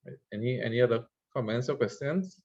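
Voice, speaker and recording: A man's voice: medium pitch, animated, a little fast, a little mellow, lo-fi sound. A man teaching an Arabic grammar class, explaining patiently and checking in with "right?" after each point. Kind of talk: online class lecture.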